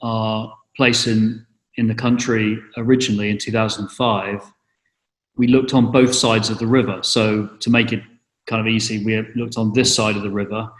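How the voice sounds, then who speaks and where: A man's voice: lowish voice, level tone, moderate pace. A middle-aged man from England, giving an interview and talking hesitantly, with many fillers and restarts. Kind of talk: casual interview. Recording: roomy echo.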